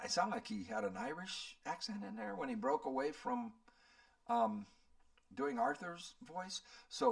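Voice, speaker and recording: A man's voice: high-pitched, creaky, fairly bright tone, distant mic. A man in his seventies, a channel host, rambling and thinking aloud as he answers viewer questions. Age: 70s. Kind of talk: casual Q&A chat.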